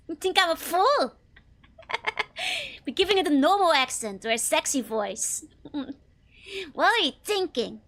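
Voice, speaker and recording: High, giggly streamer woman. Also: very animated, slow, pauses often, a bit bright. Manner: giggly, rambling with many fillers. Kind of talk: casual gameplay chat.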